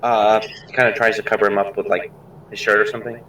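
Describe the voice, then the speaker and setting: Man, lowish voice, tabletop player, hesitant questions, echoey and distant. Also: level tone, fast, fairly bright tone, slight background noise. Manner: hesitant, questioning, many uhs. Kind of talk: tabletop game chat.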